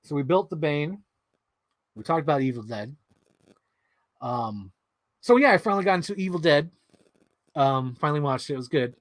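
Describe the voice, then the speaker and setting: A man chatting casually while building an action figure, rambling and excitable, swearing freely and acting out quotes. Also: fairly high pitch, normal speed, long pauses, dry recording. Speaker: toy unboxing vlogger.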